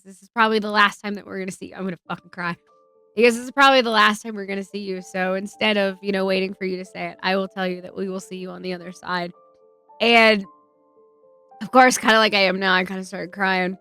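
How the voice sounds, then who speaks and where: A woman streamer telling a personal story in a chatty, emotional way, swearing freely and filling pauses with "um" and "like". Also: mid-range voice, pushed and bright, clean tone. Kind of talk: casual livestream storytelling.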